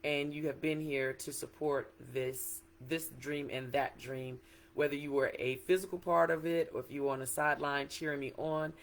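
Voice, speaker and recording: A chatty, excited woman talks to viewers in a casual livestream. She is middle-aged and speaks as an author, greeting people by name as they join. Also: deep voice, moderate pace. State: a little emotional. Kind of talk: casual livestream book talk.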